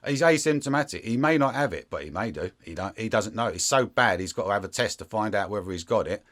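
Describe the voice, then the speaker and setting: A man in an easygoing interview, his voice sitting low but leaping all over the place as he mocks and riffs. He talks with sarcastic energy and often drops into quick impressions of other people. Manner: animated, sarcastic, slips into mocking voices. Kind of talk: casual interview chat.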